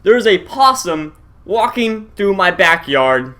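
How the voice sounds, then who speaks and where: A man's voice: high voice, measured pace. A young man vlogging, casually telling a tense story to his viewers and calling out to them as guys. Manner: animated, addresses viewers as guys, shouts at tense moments.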